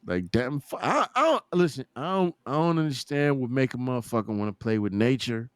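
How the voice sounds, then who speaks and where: A man hosting a loose podcast chat, swearing freely and breaking into laughter. His pitch jumps around with lively energy. The sound is dry and close. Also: brisk, clean tone, dry recording. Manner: profane, animated, laughs often. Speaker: podcast host.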